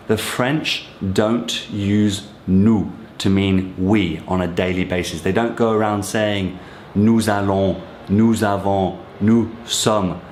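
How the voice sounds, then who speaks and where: A man's voice: fairly low pitch, slight background noise. A man teaching everyday French phrases in a casual, explanatory way, speaking directly to viewers in a friendly, encouraging tone. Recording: echoey room.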